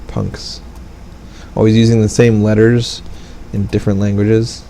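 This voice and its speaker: A man's voice: fairly low pitch, little pitch movement, normal speed, mellow, a little hiss or hum, poor audio. A man giving casual, rambling commentary over a strategy game, with wry asides. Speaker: gaming let's play commentator.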